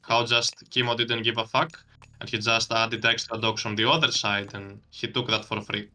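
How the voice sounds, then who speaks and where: A man's voice: medium pitch, level tone, moderate pace, bright, forceful tone, a little hiss or hum. A man casting a strategy game match, breaking down plays analytically and laughing easily. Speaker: esports caster. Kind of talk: game commentary.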